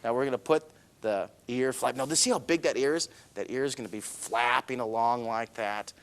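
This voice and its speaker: A man's voice: mid-range voice, normal speed, smooth. Enthusiastic man teaching kids to draw. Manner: enthusiastic, chuckling, storytelling. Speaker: cartoonist and drawing teacher. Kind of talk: children's drawing lesson.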